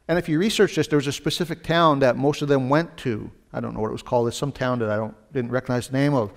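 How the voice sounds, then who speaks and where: A man's voice: mid-range voice, expressive, fast talker, gravelly, few pauses. A man pastor preaching a sermon in a conversational way, with casual asides and rising emphasis on his key points.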